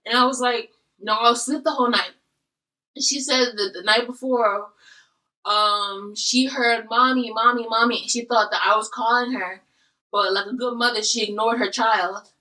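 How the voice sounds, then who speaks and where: A woman's voice: on the high side, fairly even intonation, moderate pace, bright, forceful tone, distant mic, low-quality recording. A woman hosting a casual eating video, animatedly telling a story. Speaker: host.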